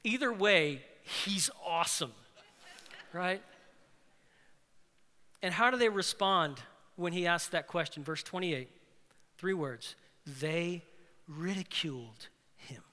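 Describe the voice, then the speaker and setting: A man preaching a sermon as pastor, animated, swinging between loud emphatic lines and hushed ones. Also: high-pitched, slow, pauses often, long reverb tail.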